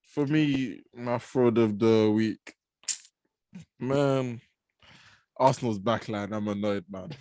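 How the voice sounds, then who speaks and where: A man's voice: mid-range voice, slow, pauses often, mellow, no echo. Laid-back man hosting a football podcast. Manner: laid-back slang, laughs often. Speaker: podcast host. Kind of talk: casual football chat.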